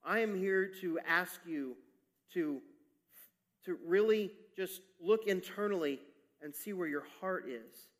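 A male pastor preaching a candid sermon to his church, talking haltingly with many restarts and building in intensity. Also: high-pitched, a bit bright. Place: church sanctuary.

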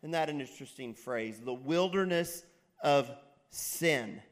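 A man's voice: medium pitch, expressive, a little slow. A man preaching a sermon, talking casually and reading scripture aloud with frequent asides to the congregation. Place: church stage. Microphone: filmed on camera.

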